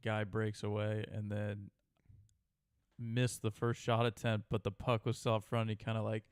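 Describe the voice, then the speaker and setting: Low, smooth-voiced man recapping a play. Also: completely flat delivery, moderate pace, dry recording, studio quality. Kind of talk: casual sports commentary.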